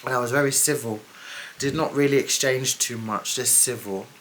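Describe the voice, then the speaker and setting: A woman's voice: extremely low pitch, normal speed, slight background noise. A young woman telling a personal story to camera in a blunt, candid way, swearing freely with exasperated asides. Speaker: storytime vlogger. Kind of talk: casual storytelling.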